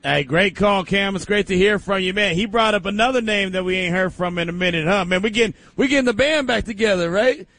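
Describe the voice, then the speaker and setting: A man hosting a sports talk show, loose and jokey with animated banter. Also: sits high, brisk, hardly any pauses, dry recording. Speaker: sports talk radio host.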